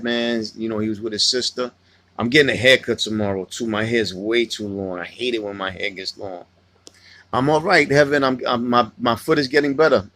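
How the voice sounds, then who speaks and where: A man's voice: mid-range voice, pushed and bright, no echo. A man hosting a casual livestream, rambling and swearing freely as he tells stories and answers chat. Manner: loose, profane, rambling storytelling. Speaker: livestream host reading chat.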